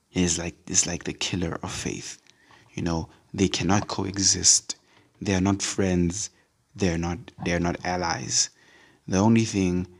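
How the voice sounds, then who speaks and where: A deep-voiced man giving a casual devotional talk. His voice sits low in pitch, and he rambles loosely, stumbling and repeating words with plenty of "um" and "like" along the way. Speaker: podcast speaker.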